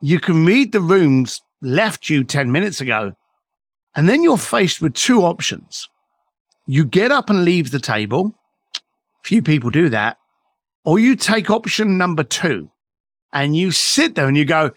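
A man's voice: fairly high pitch, big pitch swings, unhurried, no echo, clean studio sound. A middle-aged man, a podcast guest telling motivational stories in an emphatic way and swearing freely. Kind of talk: motivational storytelling.

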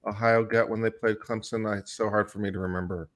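A man's voice: lowish voice, flat delivery, quick pace. A man co-hosting a casual stream, trading dry, teasing remarks. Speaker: co-host. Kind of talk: casual banter.

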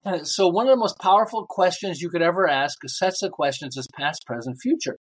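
A man's voice: sits high, a little fast, slightly rough. An older man, a book author and podcast guest, telling business stories and acting out the lines of the people in them. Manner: animated storyteller acting out quoted lines. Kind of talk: storytelling in a podcast interview.

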